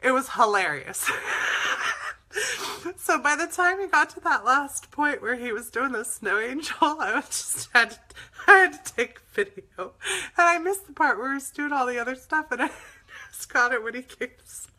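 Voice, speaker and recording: A woman's voice: sits high, lively intonation, normal speed, sharp tone. A woman host telling stories in a casual, chatty way, laughing often as she talks. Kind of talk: casual storytelling chat.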